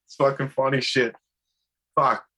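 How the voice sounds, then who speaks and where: A man's voice: mid-range voice, little pitch movement, a little slow, bright, forceful tone, husky. A man hosting a podcast on a video call from his bedroom, easygoing and swearing freely. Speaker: podcast host. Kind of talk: casual interview chat. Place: bedroom at home.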